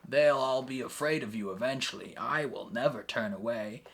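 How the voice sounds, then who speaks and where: A man's voice: medium pitch, moderate pace, vocal fry, a bit bright. A man voicing an immortal male villain with a put-on rural Southern drawl, possessive and creepy. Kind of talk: mocking reaction impression.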